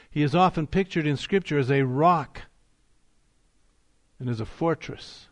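A man preaching a sermon as pastor, rising in emphasis on key phrases and slowing down to drive points home. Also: medium pitch.

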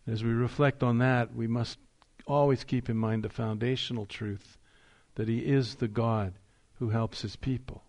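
A man preaching a sermon as pastor, rising in emphasis on key phrases and slowing down to drive points home. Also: mid-range voice, fairly even intonation, darkish tone.

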